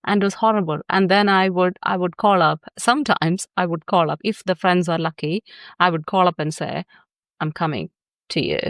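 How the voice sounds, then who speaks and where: A woman's voice: lowish voice, fairly even intonation, brisk, no room sound, studio quality. A woman psychotherapist guesting on a podcast, telling personal stories candidly and laughing often. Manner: warm storytelling, often laughing.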